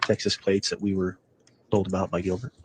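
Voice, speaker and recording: A man with a low, flat voice gives courtroom testimony. He describes evidence in a plain, matter-of-fact way. Faint courtroom ambience hums behind him. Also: brisk, noisy background. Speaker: detective witness.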